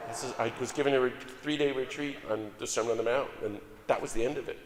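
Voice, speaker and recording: Older guy giving a sermon, loud then soft, jokey, big echoey church. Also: lowish voice, moderate pace, hardly any pauses, slight background noise. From United States. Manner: animated, jokey, swings between loud exclamations and soft asides. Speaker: guest preacher. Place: church sanctuary. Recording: long hall reverb.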